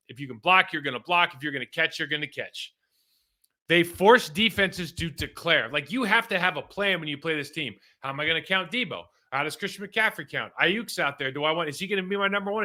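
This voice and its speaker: A middle-aged man from California, a former pro football player, talks casually and animatedly as he breaks down game film. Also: fairly high pitch. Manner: conversational and animated, with fillers like "man" and "like".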